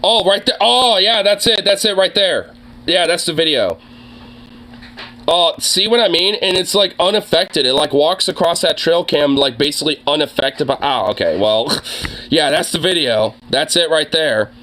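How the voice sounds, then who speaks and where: A man's voice: a little high, normal speed, sharp tone, poor audio. A young man with a sore throat, chatting casually as a podcast host, rambling with lots of fillers and swearing. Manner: rambling, filler-heavy, profane. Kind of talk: casual chat reacting to videos.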